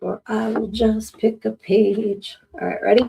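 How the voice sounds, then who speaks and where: A woman's voice: fairly high pitch, little pitch movement, unhurried, vocal fry, mellow, slight background noise. A woman hosting a casual live podcast, chatting and joking with her audience and laughing often. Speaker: podcast host. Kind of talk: casual live-stream chat.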